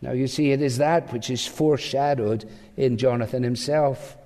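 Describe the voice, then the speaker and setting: A man's voice: mid-range voice, steady tone, normal speed, warm tone. Emphatic preacher man in a reverberant hall. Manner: emphatic, poses rhetorical questions to the listeners. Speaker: pastor. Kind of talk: sermon.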